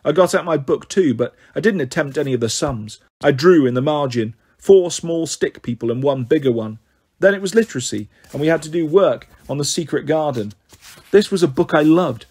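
Husky guy reading a kids' book out loud, steady narration, voice a bit high. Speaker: storyteller. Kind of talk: reading a children's novel aloud.

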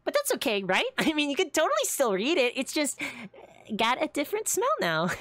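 A woman's voice: high voice, sing-song, unhurried, fairly bright tone, no room sound, full character voice. A woman voicing a quirky young woman who runs a seafood restaurant, giggly and playful in a live roleplay. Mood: cheerful. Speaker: restaurant owner character.

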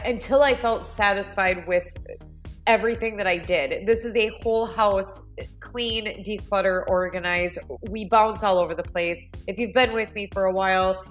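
A woman talks viewers through her own cleaning video in a chatty, self-amused voice-over. Her voice is mid-pitched. Faint music sits underneath. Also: a bit bright. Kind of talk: casual voice-over commentary.

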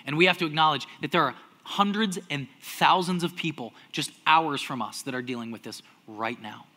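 A man's pastor voice, pitched high and bright, preaching with a lively, conversational sermon style. He swings from loud, acted-out outbursts down to hushed near-whispers. He sounds like a young adult. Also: moderate pace.

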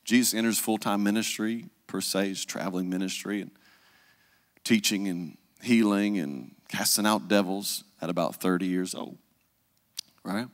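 Pastor telling a story. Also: male voice, fairly low pitch, normal speed, big-room sound. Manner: conversational storytelling, asks "right?" often. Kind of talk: sermon.

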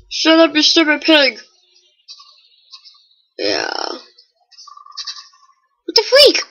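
A woman giving casual, chatty commentary while playing a game, with excitable, startled exclamations. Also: medium pitch, muffled recording. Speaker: gamer.

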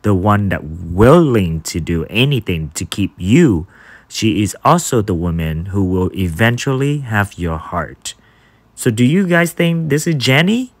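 A man's voice: sits low, very animated, a little slow, dry recording. A man giving a playful birthday toast to a group of friends, teasing and building to comic punchlines.

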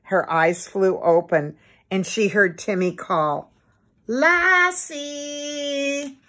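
A woman gently reading a children's book aloud in an expressive bedtime manner. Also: fairly low pitch, takes it slowly. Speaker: storybook reader.

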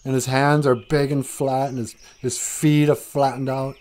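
A man telling a folk tale outdoors in a relaxed, conversational way. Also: medium pitch, normal speed, few pauses. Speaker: storyteller. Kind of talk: casual oral storytelling.

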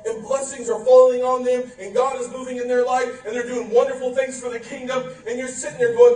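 High-voiced animated preacher, echoing church. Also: male voice, quick pace, hardly any pauses, far from the mic. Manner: animated, playful, acts out quotes. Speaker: pastor. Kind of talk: sermon. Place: church sanctuary. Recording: roomy church from afar.

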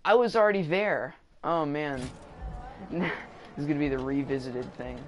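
Young man, game streamer, rambling, joking, slightly high, noisy engine background. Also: normal speed. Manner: rambling, joking, self-mocking. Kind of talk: casual gameplay commentary. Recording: game audio noise behind.

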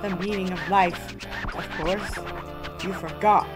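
Woman putting on a slow, pompous cosmic king. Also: on the low side, fairly even intonation, music in the background, natural voice. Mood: grandiose. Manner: slow, drawn-out, self-important reading. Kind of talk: reading game dialogue aloud in a voice.

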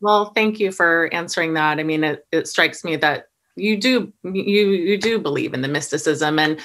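A woman's voice: deep voice, moderate pace, a bit bright. A woman hosting a book festival interview, asking questions in an affirming, hesitant way. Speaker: interviewer host. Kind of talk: conversational interview.

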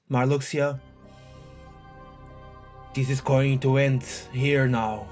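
A man giving live commentary on his own gameplay, excitable, often exclaiming and cursing at a hard boss fight. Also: mid-range voice, drawn-out words, long pauses. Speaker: gaming video host. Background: faint game music.

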